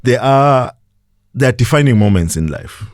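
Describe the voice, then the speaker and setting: A man's voice: mid-range voice, normal speed, no room sound, clean studio sound. A South African man on a podcast, telling stories in a casual interview and acting out the people he quotes. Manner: animated, acts out quoted voices, laughs often. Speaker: podcast guest.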